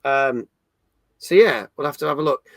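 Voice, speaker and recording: A man's voice: medium pitch, moderate pace, creaky, fairly bright tone, no room sound. A man hosting a casual gaming livestream, chatting upbeat and reading out viewers' comments. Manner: chatty, upbeat, reads viewer chat aloud. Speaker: stream host.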